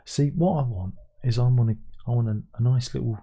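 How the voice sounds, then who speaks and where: A man's voice: medium pitch, a little fast, mellow, slightly rough. An older British man hosting a casual livestream, rambling and chatting with dry, self-mocking asides. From Britain. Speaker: livestream host.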